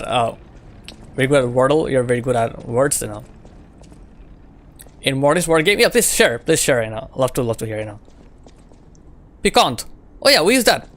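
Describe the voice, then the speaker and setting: A man's voice: a little high, fairly bright tone. Rambling man chatting. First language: French. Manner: rambling, filler-heavy, repeats himself. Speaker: game streamer. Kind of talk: casual stream chat with viewers.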